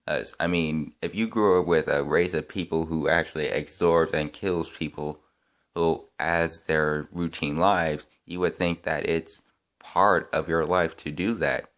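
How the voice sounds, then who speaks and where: A man giving his casual opinions as a fan reviewer, talking in halting bits full of restarts and fillers, thinking aloud. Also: extremely low pitch, steady tone, a bit bright.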